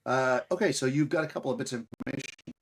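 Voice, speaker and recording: A man's voice: medium pitch, fast, breathy edge. A man running a tabletop game as game master, explaining rules and correcting himself as he goes.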